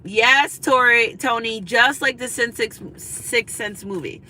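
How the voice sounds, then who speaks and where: A woman's voice: fairly high pitch, slow, pushed and bright, slight background noise, low-quality recording. A woman giving a spiritual tarot reading, talking in a chatty, confiding way and often checking in with her listeners. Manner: chatty, confiding, repeats "you know what I'm saying". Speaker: tarot reader. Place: in a car.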